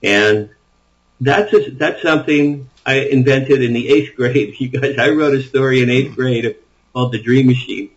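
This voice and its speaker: A man's voice: medium pitch, normal speed, dull audio. A man being interviewed as an author, talking eagerly and at length, often restarting his sentences. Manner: enthusiastic, rambling storyteller with frequent restarts. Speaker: author guest. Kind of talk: interview conversation.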